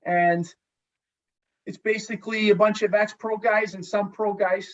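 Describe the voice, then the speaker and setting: A man, a former hockey goalie, telling a story in a casual, animated way and swearing freely. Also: sits high, unhurried. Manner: animated, profane, acts out dialogue. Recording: slightly distant, dull lo-fi sound.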